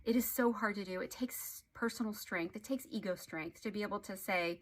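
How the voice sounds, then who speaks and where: A woman relationship therapist giving an earnest, explanatory talk to camera, with animated emphasis. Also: medium pitch, fairly quick, few pauses.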